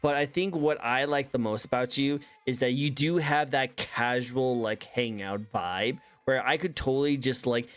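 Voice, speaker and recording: A man's voice: mid-range voice, normal speed, few pauses, soft background music. A man hosting a casual online interview, rambling easily and leaning on "like" as a filler. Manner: rambling, heavy use of "like" fillers. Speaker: interview host.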